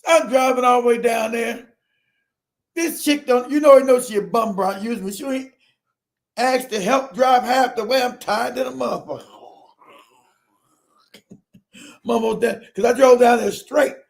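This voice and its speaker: A middle-aged man with a strikingly high voice tells a personal story in a loose, conversational way. He is animated and profane, laughing often and acting out every quote. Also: normal speed, gravelly, long pauses. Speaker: streamer telling a personal story. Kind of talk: casual storytelling.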